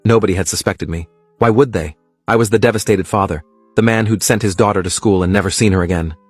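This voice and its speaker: A man narrating a first-person horror story in a steady, scripted reading style. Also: fairly low pitch, fast, husky, no room sound, soft background music.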